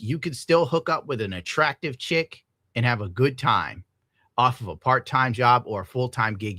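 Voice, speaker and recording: A young man on a live stream, venting in a bitter, profane rant. His voice is bright and forceful, with a dry, close sound and no room around it. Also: mid-range voice, no echo. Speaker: streamer reacting to a clip. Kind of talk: ranting live-stream commentary.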